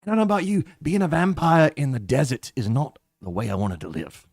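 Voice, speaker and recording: A man voicing a drunken male vampire tavern owner who sounds more and more like a pirate, loud and grumbling. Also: mid-range voice, a little fast, creaky, breathy edge, dry recording, pitched above the performer's own voice. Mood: boozy, grumbling. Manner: slurred, loud, accent drifting.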